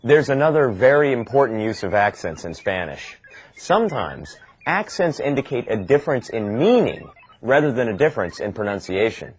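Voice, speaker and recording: A man reading scripted instructional narration in a lively, explanatory way. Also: mid-range voice, normal speed, a little hiss or hum, rough recording.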